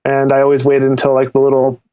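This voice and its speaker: A man as a podcast guest, recounting his early days in a relaxed, rambling way. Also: medium pitch, fast talker, clear, resonant tone, highs cut off. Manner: relaxed storytelling with fillers. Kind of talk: casual interview answers.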